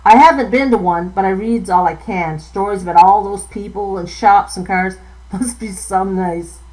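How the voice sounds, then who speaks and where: A woman's voice: medium pitch, normal speed, darkish tone, natural voice, low-quality recording. Woman voicing a young outport woman, blunt, sarcastic, folksy dialect grammar, storybook reading.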